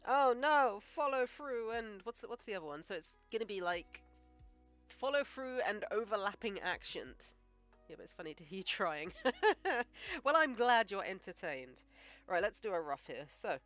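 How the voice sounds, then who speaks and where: Animated, chatty woman streaming her animation work. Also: mid-range voice, normal speed, faint music behind. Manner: chatty, jokey, thinks out loud. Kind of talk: casual live-stream chat while drawing.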